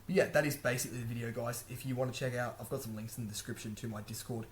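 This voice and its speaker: A young man talks quickly and loosely to his camera, giving language-learning tips in an easy, chatty way. He laughs now and then and corrects himself mid-sentence. A faint hum of room noise sits underneath. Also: mid-range voice, steady tone. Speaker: language-learning video host. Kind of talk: casual talk to camera.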